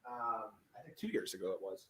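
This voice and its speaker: A Canadian man in his thirties co-hosting a sports podcast, ranting with heavy swearing, swinging from shouting to muttering. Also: on the low side, animated, brisk, breathy edge. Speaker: fantasy sports podcast co-host.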